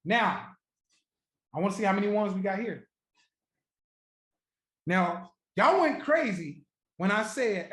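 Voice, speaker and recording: A man hosting a trading livestream, chatting casually and profanely with viewers, joking, laughing often and repeating his points slowly. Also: high voice, animated, a bit bright. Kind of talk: casual live-stream chat with viewers. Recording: roomy echo.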